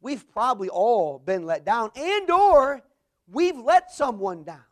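A man preaching a sermon, swelling into emphatic bursts and dropping to quiet, low endings. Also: huge pitch swings, unhurried.

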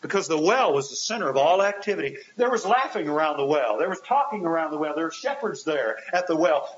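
Heard through dull, hissy lo-fi audio, a man with a high-leaning voice preaches very animatedly and fairly quickly with few pauses. His earnest sermon rises and falls in emphasis and is full of rhetorical questions for listeners.

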